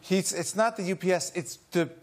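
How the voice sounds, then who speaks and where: A man's voice: high voice, normal speed. A man, a guest on a chat show, telling an amused story and laughing often. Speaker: guest actor. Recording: noisy studio with audience.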